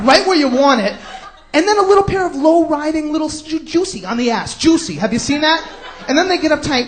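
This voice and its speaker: A man from New York with a New York accent, doing a stand-up comedy routine with brash, sarcastic ranting and sudden shouts. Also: extremely high pitch, lively intonation, a little fast. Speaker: stand-up comic.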